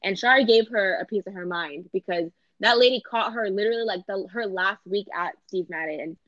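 A woman in casual podcast chat, blunt and animated, swearing freely and acting out quotes. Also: mid-range voice, brisk, no echo. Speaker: podcast co-host. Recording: dull lo-fi sound.

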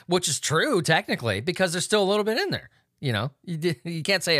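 A man's voice: mid-range voice, sing-song, fairly quick, fairly bright tone, no echo, studio quality. A man hosting a comedic news commentary, swearing, laughing and making sarcastic asides. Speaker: host.

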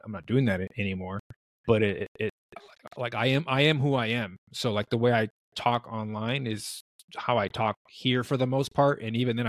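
A man's voice: lowish voice, no room sound. A man co-hosting a podcast in casual chat, easygoing and rambling, acting out little quotes as he talks. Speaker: podcast co-host.

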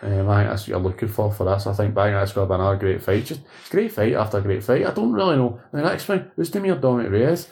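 A man in casual sports chat, excitable and swearing freely as he co-hosts a podcast. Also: lowish voice, fast talker, vocal fry, few pauses. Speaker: podcast co-host.

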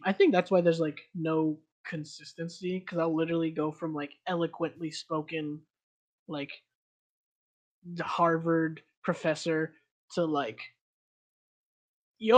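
A man's voice: on the high side, moderate pace. Young guy, tiny hispanic accent, rambly podcast chat, lots of likes and ums. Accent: slight Hispanic. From United States. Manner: rambling, laughs often, many likes and ums. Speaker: podcast co-host. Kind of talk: casual chat.

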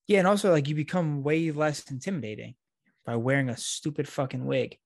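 A man's voice: fairly high pitch, fairly quick, no echo. A man with a New York accent co-hosting a casual podcast chat, crude and joking. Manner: crude, joking, deadpan banter. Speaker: podcast co-host.

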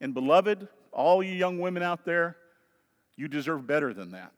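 A Southern preacher with a high, ringing voice that carries through a long-reverb sanctuary. He drives his points hard and loud, then drops low and soft for an aside. The delivery is emphatic, fervent and pulpit-ready. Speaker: pastor. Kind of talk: sermon.

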